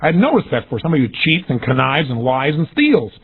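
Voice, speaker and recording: A man giving an energetic, emphatic motivational seminar talk, acting out the questions he quotes. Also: fairly high pitch, fast talker, breathy edge. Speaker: motivational speaker. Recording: tinny phone-like lo-fi audio.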